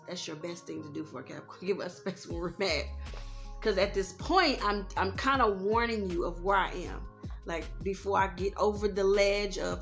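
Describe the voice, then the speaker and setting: A woman vlogger talking candidly in a casual advice vlog, growing loud and heated as she rants. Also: mid-range voice, brisk, vocal fry, faint music behind. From United States. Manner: candid, animated, rising to loud outbursts when ranting.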